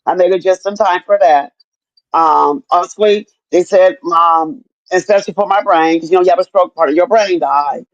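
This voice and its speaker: A woman's voice: fairly low pitch, normal speed, no room sound, muffled recording. An older woman and grandmother speaking candidly in a casual chat, often repeating herself and cursing freely. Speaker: stroke survivor sharing her story.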